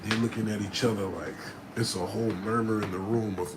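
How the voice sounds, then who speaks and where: A man from Texas telling stories casually to his livestream audience on a phone, dropping to low mutters and then rising into loud, excited bursts. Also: brisk, background noise. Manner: animated, swings between mumbling low and loud excited bursts. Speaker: livestream host.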